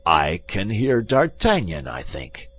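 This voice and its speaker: A hollow-voiced musketeer, as an audiobook narrator puts him on, slow and mocking, his tone sunk very deep. He drawls his lines coolly from behind a door in a storybook reading. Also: wildly swooping pitch, fairly bright tone, breathy edge, full character voice. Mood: calm, jeering. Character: calm, jeering musketeer man locked in a cellar.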